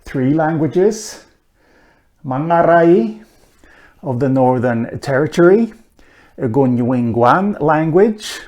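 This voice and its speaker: Slow, halting male lecturer. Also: medium pitch, a little mellow. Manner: slow, hesitant, frequent "uh" fillers, dry asides. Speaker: lecturer on linguistics. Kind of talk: recorded online lecture.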